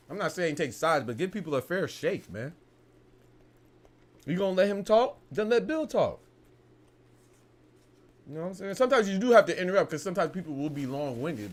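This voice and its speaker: A young man hosting a casual boxing podcast, talking in a heated, animated way and peppering his lines with "bro" and profanity. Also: high-pitched. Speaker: podcast host.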